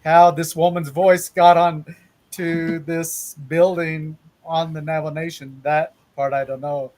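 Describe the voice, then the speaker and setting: A man hosting a podcast, recounting his own investigations in a measured way. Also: fairly high pitch, level tone, a little mellow. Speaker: podcast host. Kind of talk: casual interview chat.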